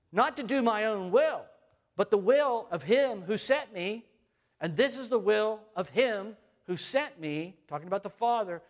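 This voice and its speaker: Man, preacher, high voice, emphatic, repeats key phrases, sermon.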